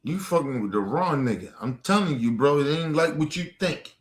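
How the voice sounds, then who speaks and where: A Baltimore streamer in a livestream rant lashes out at a viewer, aggressive and profane. His voice is on the high side and expressive, with a moderate pace and a roomy sound.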